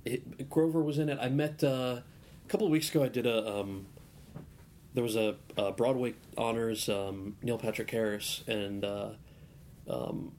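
A man's voice: medium pitch, moderate pace, darkish tone, a little hiss or hum. A man guesting on a casual podcast interview, telling stories in a rambling way with lots of restarts. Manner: rambling storyteller with many restarts.

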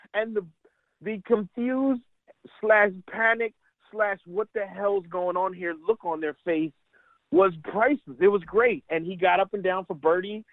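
Man, middle-aged, high pitch, animated storyteller, laughs a lot, radio interview guest, tinny phone line. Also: dry recording. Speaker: caddie and stand-up comedian guest.

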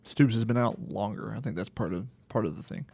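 A man's voice: fairly low pitch, brisk, gravelly, darkish tone, husky. A man co-hosting a casual sports podcast, thinking aloud and hedging his takes. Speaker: podcast co-host.

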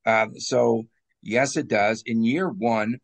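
Man co-host, mid pitch with gravelly texture, playful sports-talk delivery. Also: takes it slowly. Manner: jokey, laughs at his own bits. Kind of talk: casual hockey talk.

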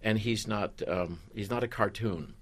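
A man's voice: fairly low pitch, measured pace. A man, a stage actor being interviewed, answering with dry, understated humor. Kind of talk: interview conversation.

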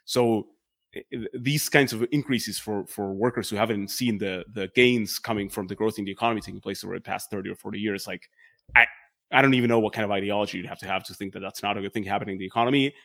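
A man explaining economics as a podcast guest, quick and hedging, full of "like" and restarts. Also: on the low side, fairly even intonation, a bit bright. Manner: quick, hedging with many fillers. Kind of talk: casual explanatory talk.

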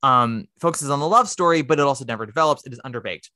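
This is a podcast host in relaxed conversation, mid-pitched, animated and full of opinions. The sound is dry and close, with no room around the voice. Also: dry recording. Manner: animated and opinionated, quick asides. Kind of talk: casual chat.

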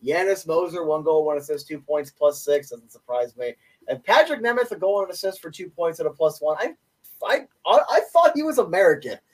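Young guy cohosting a hockey pod, kinda high voice, eager and opinionated, mic a little far. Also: sing-song. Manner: enthusiastic, opinionated, quick stat rundowns. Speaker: podcast co-host. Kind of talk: casual sports podcast chat. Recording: voice a bit distant from mic.

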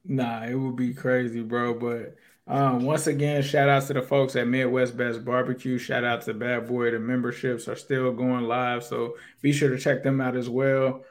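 A relaxed man co-hosting a casual sports podcast with a middle-pitched voice. He talks easily and informally as he wraps things up. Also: moderate pace. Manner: laid-back, wraps up with shout-outs. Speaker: podcast co-host.

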